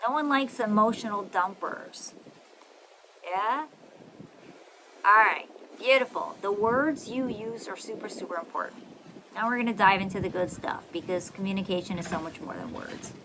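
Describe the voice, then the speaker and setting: A woman's voice: mid-range voice, normal speed. Upbeat woman coaching in a noisy recording, with traffic sounds behind her. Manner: animated and affectionate, with frequent checks for agreement. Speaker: podcast host and communication coach. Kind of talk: coaching monologue.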